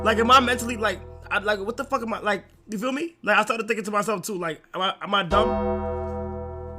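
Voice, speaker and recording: A young man streaming a reaction, talking to his chat in slangy, animated casual commentary. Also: sits high, fairly quick, over music.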